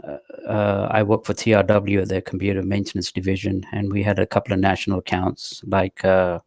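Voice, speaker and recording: A man's voice: low voice, monotone, fairly quick, gravelly, darkish tone, no room sound, clean studio sound. A man in his sixties with a London accent, a podcast guest telling chatty stories with frequent restarts. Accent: London English. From England. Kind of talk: casual storytelling chat.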